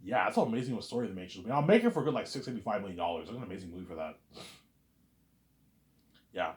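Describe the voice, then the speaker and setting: A man's voice: fairly low pitch, sing-song, very fast. A man casually telling a long story to the camera in a rambling way, repeating "he's like" and "you know what I'm saying". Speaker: vlogger.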